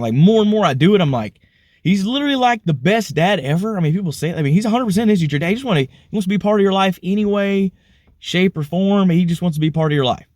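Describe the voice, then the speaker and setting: This mid-range-voiced man from Alabama, married and a father, rambles earnestly through a casual faith testimony for his vlog. He says "you know" frequently, and the recording has no room sound.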